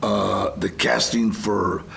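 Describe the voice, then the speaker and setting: A man in his sixties telling stories in a casual interview, animated and laughing often. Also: fairly low pitch, slow pace, vocal fry, a little hiss or hum. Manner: animated, laughs often, acts out shouted quotes. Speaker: guest actor.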